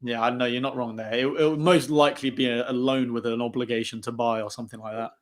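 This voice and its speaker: A young man hosting a casual post-match football chat on a live stream, talking fast and laughing often. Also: medium pitch, steady tone. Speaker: host.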